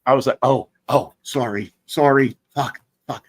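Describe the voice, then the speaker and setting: A man's voice: mid-range voice, unhurried, slightly rough. A man chatting as a guest on a livestream, profane and joking, rambling through stories. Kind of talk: casual livestream chat.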